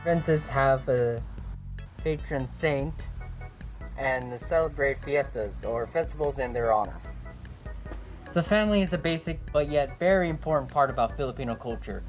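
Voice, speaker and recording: A young student talks through a class presentation at a middle pitch and pauses often with fillers. Faint music plays quietly underneath. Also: low-quality recording. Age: young adult. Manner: hesitant with fillers.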